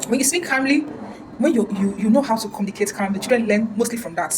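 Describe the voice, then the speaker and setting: Fast-talking earnest woman counselor. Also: fairly high pitch, background noise. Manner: earnest, repeats words and restarts often. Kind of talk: casual advice talk.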